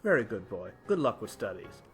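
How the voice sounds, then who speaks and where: A man voicing a calm, kindly elderly grandmother with a put-on Russian accent, speaking in slow, clipped, broken phrases. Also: fairly low pitch, husky, faint music behind, pitched below the performer's own voice, heavily acted.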